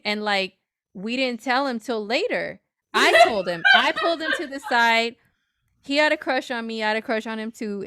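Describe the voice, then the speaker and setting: A woman in casual chat on an astrology livestream, an animated storyteller who swears freely and acts out what people said. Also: medium pitch, smooth, dry recording, clean studio sound.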